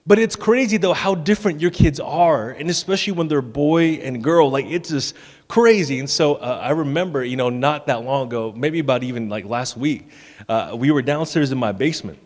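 A man's voice: a little high, normal speed, a little mellow. A man in his thirties, a pastor giving a sermon in a casual, joking way with stammered restarts. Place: church sanctuary. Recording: long church hall reverb.

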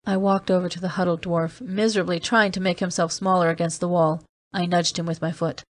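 A woman reading an audiobook aloud as a weary, seasoned man, in steady, measured narration. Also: fairly low pitch, no echo, lightly acted. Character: weary man, seasoned off-world agent, terse. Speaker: audiobook reader. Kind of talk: scripted narration.

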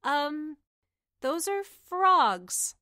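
A cheerful young serving girl, put on by a woman reading a storybook, with a lifted, bright voice. She speaks slowly and politely, eager to help. The recording is dry and close. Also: sits high, expressive, no room sound, pitched above the performer's own voice. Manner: bright, eager, gently correcting.

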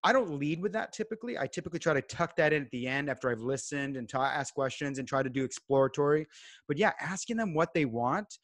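Brief: man, fairly high pitch, dry close sound, measured and calm podcast guest. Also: dry recording. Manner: calm, measured advice-giving. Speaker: guest home inspector. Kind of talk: casual podcast chat.

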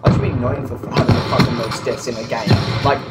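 A man's voice: medium pitch, fairly even intonation, quick pace. Man ranting and swearing over gameplay. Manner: swears constantly, frustrated ranting. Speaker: gamer. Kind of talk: gameplay commentary. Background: game music and sound effects.

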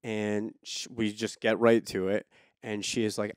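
A man's voice: lowish voice, little pitch movement, unhurried, dry recording, clean studio sound. A man on a podcast, casually telling a crude story, repeating and restarting words. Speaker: podcast co-host.

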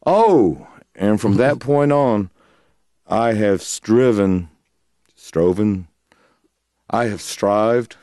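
A middle-aged man, a blues guitarist, telling a story in an interview, animated, laughing and acting out other people's voices. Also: lowish voice, drawn-out words, long pauses, dry recording, clean studio sound.

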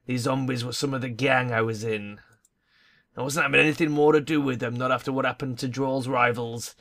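A nervous runaway gang member from a game, read by a man in a bright voice. He rambles anxiously about the danger he fled. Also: mid-range voice, fairly even intonation, a little fast, creaky. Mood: worried. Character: nervous young male gang member in hiding. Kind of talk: voicing a video game character.

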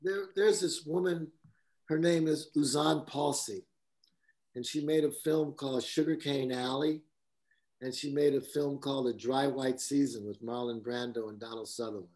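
A guest cinematographer tells casual anecdotes in a mid-range voice at normal speed. His delivery is lively, with frequent laughter and quotes he acts out.

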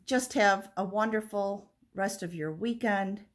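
A woman hosting a doll channel, reading a children's story aloud to camera in a gentle, lilting way. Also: mid-range voice, a little slow.

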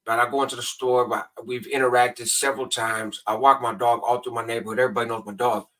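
A man telling a long story as a guest on a casual show, acting out other people's voices in a high pitch. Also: little pitch movement, fast talker, sharp tone, far from the mic. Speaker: podcast guest. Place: home in Nevada.

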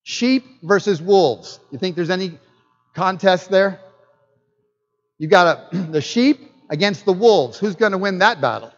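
Guest pastor, male, high voice, playful and animated, muffled recording. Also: moderate pace. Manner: animated, joking preacher who asks the audience questions. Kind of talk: sermon. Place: church hall. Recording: dull lo-fi with long hall reverb.

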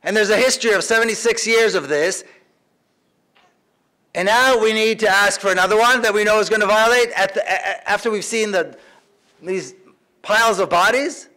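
A man's voice: high voice, normal speed, sharp tone. A man giving an impassioned public speech in a large lecture hall, emphatic and repeating phrases for force. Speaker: activist speaker.

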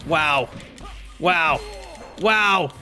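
A man with a notably high voice commentates his own fighting-game run. He gets loud and excited, swears freely and laughs at what happens on screen. Faint music plays behind him. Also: very slow. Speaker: gamer. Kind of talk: let's-play commentary.

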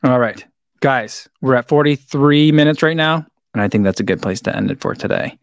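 A relaxed man chats through viewer questions on his live stream, rambling easily and chuckling as he goes. His voice sits at an ordinary middle pitch. The sound is close and dry, with almost no room echo. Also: normal speed, creaky. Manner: laid-back, rambling, chuckles often. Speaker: running shoe reviewer hosting a live stream. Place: indoor studio room with a wall of shoes.

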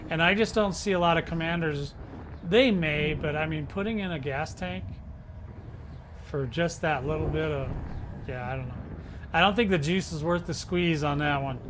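A man's voice: fairly high pitch, normal speed, background noise. A man hosting his own gaming channel, rambling through casual gameplay commentary with slang and jokes at his own expense. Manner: rambling, slangy, self-mocking.

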